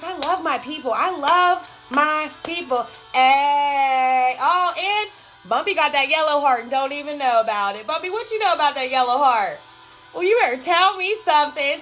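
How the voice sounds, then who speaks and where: A woman's voice: high-pitched, a bit bright, poor audio. A woman giving casual motivational talk on a live stream, emphatic and affectionate, swearing freely and repeating phrases for effect while answering viewers. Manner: affectionate, calls viewers girl and love. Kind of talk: casual live stream chat, reading comments.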